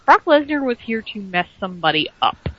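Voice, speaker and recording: A woman's voice: mid-range voice, big pitch swings, fairly quick. A woman co-hosting a wrestling recap show, giving sarcastic, dry commentary. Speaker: wrestling podcast co-host. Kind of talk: casual wrestling recap chat. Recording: dry, muffled lo-fi stream.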